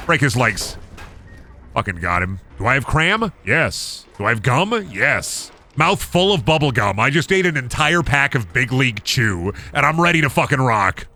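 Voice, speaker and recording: Goofy, animated male game streamer. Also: medium pitch, moderate pace. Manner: goofy, rambling, sings and jokes. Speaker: gaming streamer. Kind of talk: casual live-stream commentary.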